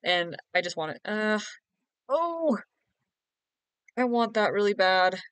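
A woman's voice: mid-range voice, moderate pace, a bit bright, clear, resonant tone, dry recording. A young woman chatting casually on a late-night game stream, giggly, teasing and sleepy. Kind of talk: casual live-stream chat.

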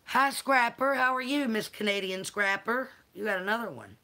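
A woman's voice: on the high side, moderate pace, fairly bright tone. A Southern woman chatting casually on her livestream, greeting viewers by name and cooing to her dogs; she says she is a little tired. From American South. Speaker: livestream host.

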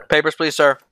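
Bright-voiced man narrating gameplay. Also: a little high, vocal fry, a little hiss or hum. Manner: reads documents aloud, muttering asides. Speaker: gaming YouTuber. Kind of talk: casual let's-play commentary.

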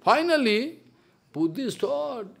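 Guy preaching, high voice, super animated storytelling. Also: takes it slowly, gravelly, breathy edge. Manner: animated, dramatic retelling in broken English. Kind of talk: sermon storytelling.

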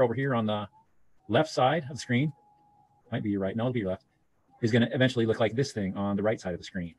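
Male teacher, low voice, quick and loose, thinking aloud while he clicks through steps. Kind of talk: screen-share software tutorial.

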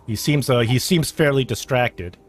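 A man narrating a tabletop game as game master, halting with many fillers. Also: medium pitch, slight background noise.

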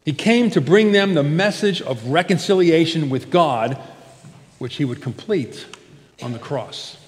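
A man's voice: a little high, unhurried. Preaching man in a reverberant church. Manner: expressive preaching, swells loud then drops soft. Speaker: pastor. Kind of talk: sermon. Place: church sanctuary. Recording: church hall with long reverb.

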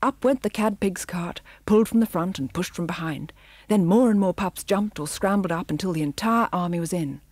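A woman narrating a children's storybook audiobook with a measured, expressive reading. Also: fairly low pitch, no echo.

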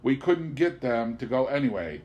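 A man reading an audiobook, voicing a rowdy, excitable man who talks eagerly and conspiratorially. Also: medium pitch, normal speed, highs cut off, lightly acted. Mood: excited.

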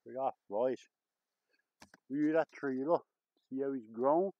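A man vlogging outdoors in the woods, exclaiming excitedly and chatting to his viewers as he explores. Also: mid-range voice, a little slow, dry recording, lo-fi sound. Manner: excitable, lots of exclamations and chuckles. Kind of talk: casual vlog commentary.

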